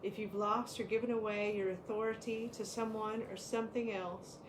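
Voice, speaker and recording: A woman co-hosting a spiritual talk, reading card meanings aloud in a measured way and laughing often in the chat. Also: medium pitch, steady tone, roomy sound, background noise.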